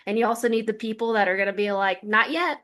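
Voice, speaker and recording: A woman co-hosting a podcast, telling stories in a lively casual chat full of "like" fillers. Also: medium pitch, rapid-fire. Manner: lively storyteller, many "like" fillers. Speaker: podcast co-host.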